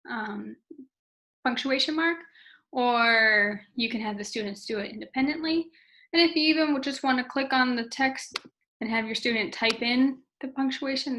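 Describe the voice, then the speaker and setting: Higher-voiced teacher modeling sentences. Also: female voice, gravelly, sharp tone. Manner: sing-song modeling of sentences for students. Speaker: special education teacher. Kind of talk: recorded lesson walkthrough.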